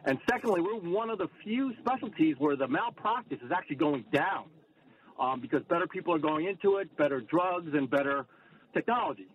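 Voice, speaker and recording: A man's voice: fairly high pitch, animated, a little hiss or hum. Man calling in over a muffled phone line. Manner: measured, earnest, a bit hesitant. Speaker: caller, anesthesiologist. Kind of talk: phone-in call to a radio show.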